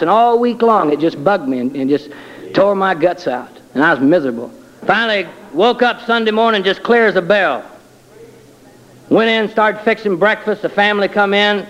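A man's voice: high-pitched, expressive, moderate pace, a bit bright, poor audio. A man giving a personal testimony in a colloquial, self-deprecating storytelling way with wry humor.

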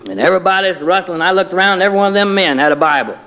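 A man's voice: high voice, very fast, bright, forceful tone, low-quality recording. A man giving a personal testimony in a colloquial, self-deprecating storytelling way with wry humor.

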